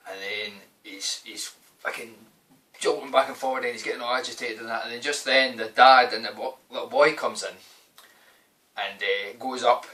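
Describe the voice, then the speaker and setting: A young Scottish man rambles through a story with plenty of swearing and a loose, chatty delivery. His voice is bright and forward. He sits back from the microphone, so the sound is a little distant. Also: mid-range voice, steady tone, normal speed. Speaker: vlogger. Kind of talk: casual storytelling to camera.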